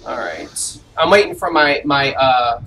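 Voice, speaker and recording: Animated swearing gamer, lively pitch. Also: unhurried, slight background noise. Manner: swears freely and vents frustration, then laughs it off; narrates own moves aloud, chatty and exclamatory. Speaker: live-streaming gamer. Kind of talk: casual gameplay commentary to viewers.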